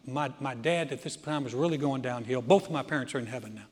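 Speaking fast in a mid-range voice, a man in his 60s delivers a sermon as a pastor, the long reverb of the hall trailing his words. Emphatic, he piles up escalating lists and spins stories laced with humor.

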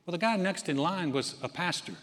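A man preaching with a folksy, joking storyteller's touch and a fairly high voice. His words hang in the long reverb of a church hall. He speaks as a pastor to his congregation. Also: animated, fairly quick, fairly bright tone. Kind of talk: sermon. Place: church sanctuary.

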